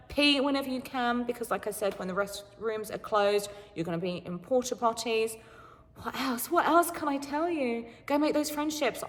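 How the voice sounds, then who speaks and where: A young woman talking casually to camera about being a game show contestant, chatty and animated, laughing often. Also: mid-range voice, in a large hall.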